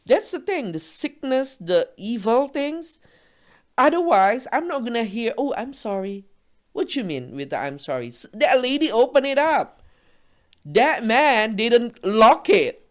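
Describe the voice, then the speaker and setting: A woman's voice: a little high, big pitch swings, unhurried. Non-native English-speaking woman, emphatic ranting storyteller, laughs often. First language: not English. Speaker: guest. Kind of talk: animated storytelling.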